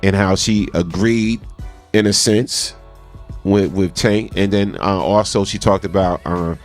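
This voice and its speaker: A man hosts a casual radio talk show. His voice sits fairly low. He talks with energy and keeps hyping up his listeners. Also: fairly even intonation, a little slow, faint music behind.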